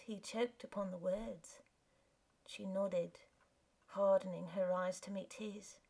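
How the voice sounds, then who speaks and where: A woman narrating a period story in a measured, hushed storytelling voice. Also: mid-range voice, fairly even intonation, vocal fry, husky.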